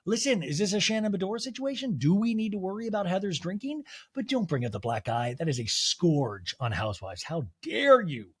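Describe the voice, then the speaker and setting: Animated, profane man recapping TV. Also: high voice, fairly quick, hardly any pauses, husky. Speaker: podcast host. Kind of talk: solo comedic TV recap.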